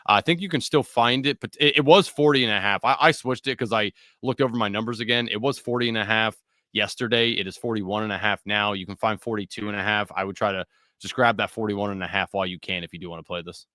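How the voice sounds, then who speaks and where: A man with a bright, forceful voice and a low-pitched tone talks through his sports betting picks in casual, joking chat. The sound is dry and close to the mic. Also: fairly even intonation, fast, no room sound. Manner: laid-back, joking, laughs between picks. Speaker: co-host of a sports betting show.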